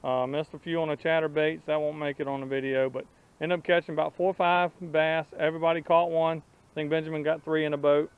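A man's voice: fairly high pitch, flat delivery, fairly quick, clean tone, phone-quality sound. A man hosting a fishing vlog outdoors from a boat on a lake, chatting easily and coaching the boys. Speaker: fishing vlogger and host. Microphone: action camera.

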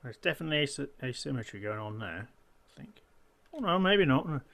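A man's voice: medium pitch, sing-song, fairly quick, creaky, fairly bright tone. A man giving casual gameplay commentary as a channel host, muttering to himself and counting blocks under his breath.

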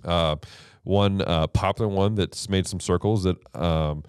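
A man's voice: low voice, steady tone, measured pace, smooth, dry recording, clean studio sound. A man hosting a Bible teaching show, explaining translations in a casual, emphatic way with rhetorical questions.

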